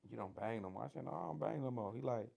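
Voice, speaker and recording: Gravelly Detroit man telling his story. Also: fairly low pitch, fast talker. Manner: animated, acts out quoted voices, slangy. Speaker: guest sharing his prison story. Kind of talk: casual storytelling interview.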